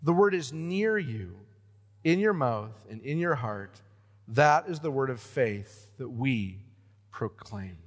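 A pastor preaching a sermon, with lively swings between loud emphatic lines and hushed, low ones. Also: male voice, takes it slowly, big-room sound.

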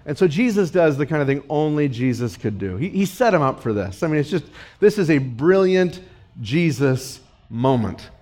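A man preaching a sermon as pastor, pressing his points with emphatic repetition and dropping low and soft for quoted lines. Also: very animated, normal speed.

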